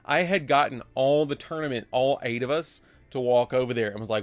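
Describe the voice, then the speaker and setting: A man's voice: medium pitch, fairly quick, dry recording. A man hosting a live game stream, telling a story casually and acting out both sides of the argument. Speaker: livestream host.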